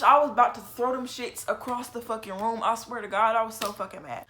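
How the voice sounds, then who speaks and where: A young woman telling a story from her own life in a casual, animated and profane way. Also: fairly high pitch, brisk, few pauses, a little hiss or hum. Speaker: storytelling vlogger.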